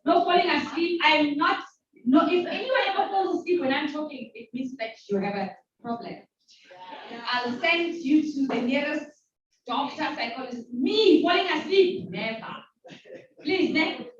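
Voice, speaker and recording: A woman in her forties from South Africa, hosting a talk and telling a personal story to a live audience, lively and playful. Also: sits high, moderate pace. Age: 40s. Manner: animated, playful, acts out voices of others. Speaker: host. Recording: very echoey hall from far off, dull sound.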